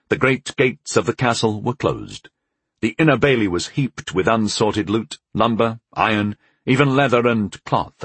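A man with a low, husky voice reads a first-person fantasy tale in a measured, gently wry manner. The recording is dry and close, with no room sound. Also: no room sound. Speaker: audiobook narrator.

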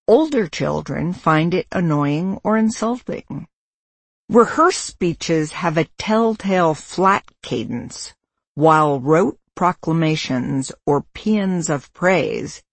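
An audiobook narrator and parent reading nonfiction in a measured, instructive way. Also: medium pitch, vocal fry, breathy edge, dry recording.

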